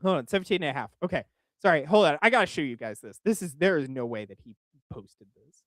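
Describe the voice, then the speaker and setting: Young guy from oklahoma ranting at a video, all over the place pitch-wise, crude and fed up. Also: fast talker, no room sound. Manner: animated, crude and exasperated, with frequent restarts. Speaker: streamer reacting to a video. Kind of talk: casual reaction commentary.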